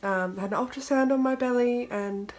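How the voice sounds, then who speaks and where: A woman's voice: on the high side, moderate pace. Stuffy-nosed young woman vlogging. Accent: Australian. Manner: chatty, many fillers and ums. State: stuffy nose from a cold. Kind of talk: casual vlog update.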